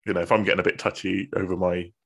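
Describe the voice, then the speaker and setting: A man's voice: deep voice, level tone, creaky, a bit bright. A man co-hosting a podcast, teasing and swearing in casual banter. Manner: teasing, sweary, quick jokes. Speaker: podcast co-host.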